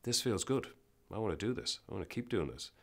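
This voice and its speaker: A man interviewed as a business guest, telling emphatic, animated anecdotes with frequent restarts in casual conversation. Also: fairly low pitch, quick pace, gravelly.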